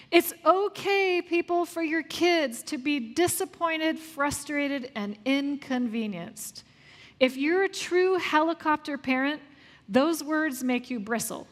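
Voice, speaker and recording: High-voiced woman coaching parents. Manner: lively, asks the audience questions and answers them. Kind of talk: live parenting workshop talk. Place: large room with a live audience. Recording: long hall reverb.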